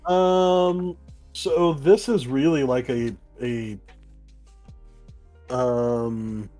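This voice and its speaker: A man co-hosting a casual podcast, talking through a comic book review in a rambling, excited way and swearing casually. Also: mid-range voice, drawn-out words, faint music behind. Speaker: podcast co-host.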